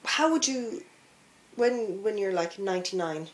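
A woman's voice: medium pitch, lively intonation, measured pace. A woman hosts an interview, asking loose, friendly questions that wander and restart before she lands them. Her delivery is chatty and conversational.

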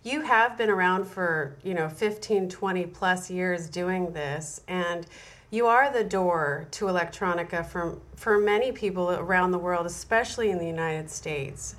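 A woman's voice: fairly low pitch, unhurried. A woman interviewing a guest with enthusiasm and lots of praise. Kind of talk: casual interview.

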